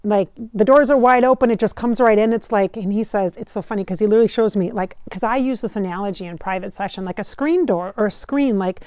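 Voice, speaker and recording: Mellow-voiced woman relaying channeled messages. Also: mid-range voice, clean tone, no echo, studio quality. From Minnesota, United States. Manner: relays messages in quotes, chatty, laughs often, slows for emphasis. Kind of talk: casual spiritual channeling talk.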